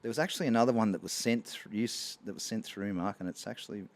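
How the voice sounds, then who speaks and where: A man's voice: on the low side, fast. A man with an Australian accent, co-hosting a podcast and spinning casual yarns with plenty of laughter. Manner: animated yarn-spinner, laughs through his stories. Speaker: podcast co-host. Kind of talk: casual storytelling chat.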